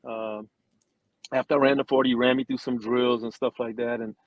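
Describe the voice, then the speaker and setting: A middle-aged man, an interview guest, telling a long story with lively quoted voices and many restarts. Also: medium pitch, brisk, no echo, low-quality recording. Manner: animated storyteller, acts out quotes, frequent restarts. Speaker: interview guest, former football player and singer.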